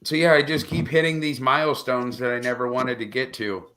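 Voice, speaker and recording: A stand-up comedian guesting on a podcast, trading sarcastic jokes in a wry, deadpan way. His voice has a bright, forward edge and sits at a medium pitch. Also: brisk. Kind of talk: casual podcast chat.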